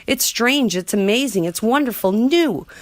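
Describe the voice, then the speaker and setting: A woman doing excited storybook hunters. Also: a little high, moderate pace, no echo, pitched above the performer's own voice, lightly acted. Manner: excited, exclaiming. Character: three excited male hunters.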